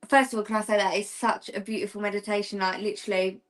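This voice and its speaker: A woman's voice: mid-range voice, little pitch movement, fast talker. A young woman chatting as a guest, telling a story in a rambling way with fillers and giggles. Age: young adult. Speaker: guest, practicing witch. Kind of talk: casual chat.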